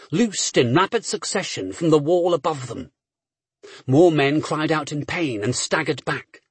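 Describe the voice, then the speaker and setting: A man's voice: on the high side, husky, dry recording. A man reading a story aloud as an audiobook narrator with a dramatic, varied delivery.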